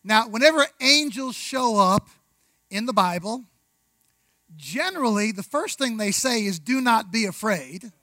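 A man preaching a sermon, conversational, with rhetorical questions, asides and slow, deliberate emphasis on key words. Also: sits high, expressive, bright, forceful tone, no echo, rough recording. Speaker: pastor.

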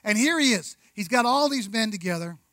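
A man preaching a sermon, conversational, with rhetorical questions, asides and slow, deliberate emphasis on key words. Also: high-pitched, animated, bright, forceful tone, no room sound, poor audio. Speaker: pastor.

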